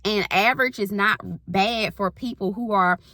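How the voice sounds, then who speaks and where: A woman's voice: mid-range voice, moderate pace, sharp tone, no room sound, studio quality. A woman in her thirties, a spiritual life coach, giving a rambling, folksy pep talk in casual Southern slang. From Southern US countryside. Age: 30s.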